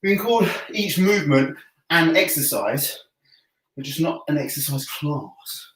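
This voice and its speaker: A man's voice: a little high, animated, measured pace, fairly bright tone, recorded from a distance. A man leading a home workout class, chatty and joking, out of breath between sets. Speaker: fitness coach. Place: room at home. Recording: echoey room, voice from off-mic.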